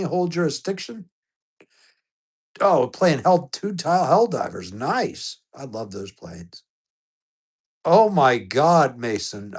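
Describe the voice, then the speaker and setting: A man streaming live, casually greeting viewers one by one, bright and upbeat on hellos and low and soft when things turn serious. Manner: upbeat greetings that jump high in pitch, softer and lower when serious.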